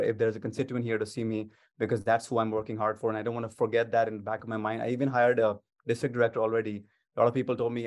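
Eager, upbeat legislator on a video call. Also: male voice, mid-range voice. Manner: upbeat, eager, with many restarts. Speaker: state legislator. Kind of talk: interview over video call.

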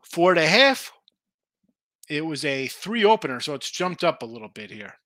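Speaking at a moderate pace in a slightly high, sing-song voice with a sharp edge, this man runs a late-night sports betting stream. He rambles casually, thinking through the lines, answering viewers and reading out their picks, and the recording has no room sound.

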